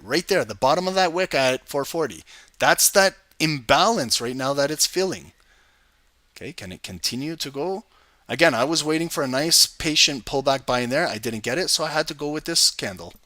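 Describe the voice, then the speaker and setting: A man hosting a live trading stream, giving energetic casual commentary on charts and talking to his viewers. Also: fairly high pitch, no echo. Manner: energetic, swears and laughs, talks to chat by name. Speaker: trading livestream host.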